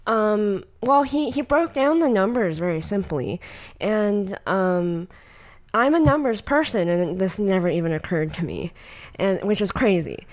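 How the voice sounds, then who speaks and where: A young woman with a Californian Valley Girl accent chats through a podcast episode. Her voice is mid-pitched, and she fills her talk with "like" and "um" and breaks into quick laughs. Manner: chatty, animated, laughs often, many fillers. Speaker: podcast host. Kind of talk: casual chat.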